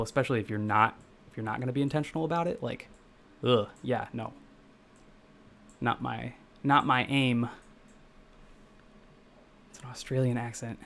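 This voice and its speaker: This young man from the Midwestern US is a game developer on a live stream, coding and chatting loosely with viewers. He rambles and self-corrects along the way in a medium-pitched, fairly bright voice.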